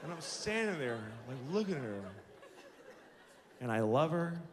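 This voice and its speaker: A man in his forties doing stand-up, his fairly high voice swinging widely as he tells exasperated, self-mocking stories. It is a live stage recording with clear background noise behind him. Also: big pitch swings, moderate pace, big-room sound, a crowd in the background. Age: 40s. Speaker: stand-up comedian. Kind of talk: stand-up comedy storytelling.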